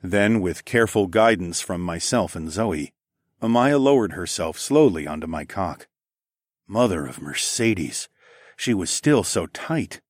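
A man narrating a first-person erotic audiobook in a low, intimate, unhurried way. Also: expressive, no echo, studio quality.

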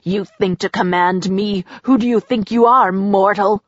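A woman's voice: medium pitch, fairly even intonation, a little slow, dry recording, lightly acted. A woman voicing an arrogant, cruel male god who snarls with contempt, on a slightly muffled recording. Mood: scornful.

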